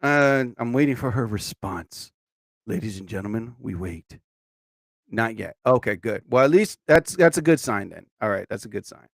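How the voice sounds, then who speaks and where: A man hosting a casual live stream, joking, chatting with viewers and shouting catchphrases. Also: mid-range voice, moderate pace, creaky, no room sound, studio quality. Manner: animated, jokey, talks to chat, shouts catchphrases.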